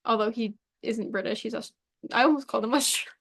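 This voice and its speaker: A young woman co-hosting a casual podcast, telling stories in an animated way with quick asides and laughs. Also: on the high side, breathy edge. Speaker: podcast co-host. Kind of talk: casual chat.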